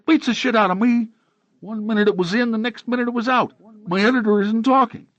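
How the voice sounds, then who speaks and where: A man voicing an agitated middle-aged male newspaper columnist who swears and talks high and excitably. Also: fairly quick, dull audio. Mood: indignant.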